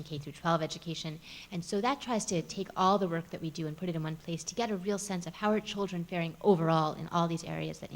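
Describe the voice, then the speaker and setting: A woman speaking as a policy advocate on a panel, explaining budget results in a measured way with frequent fillers. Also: lowish voice. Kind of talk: panel briefing. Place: college event room.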